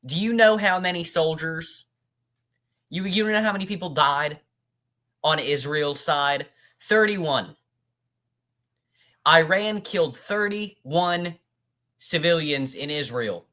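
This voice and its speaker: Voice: medium pitch, animated, slow, long pauses, sharp tone. A political commentator with a mid-range voice rants over a played speech. The delivery is heated and scornful, speaking straight at the speaker as if face to face. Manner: ranting, addresses the speaker directly, scornful.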